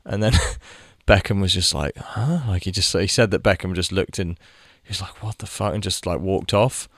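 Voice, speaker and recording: Young guy rambling over his game, lowish voice, dry sound, swears a lot, chats to his players. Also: steady tone, moderate pace, fairly bright tone, dry recording. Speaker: gaming video creator. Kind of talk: casual gameplay commentary.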